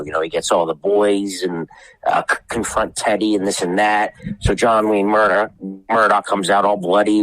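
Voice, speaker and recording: A wrestling promoter, appearing as a podcast guest, tells rambling backstage stories in a low, slightly bright voice, acting out the people he quotes and swearing at times. The recording is low-quality with no echo.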